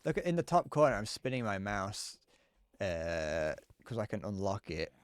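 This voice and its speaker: Casual live-stream gaming chat from a man with a lowish, sing-song voice at a normal pace. He rambles, swears and stammers through restarts, and the tone is clean.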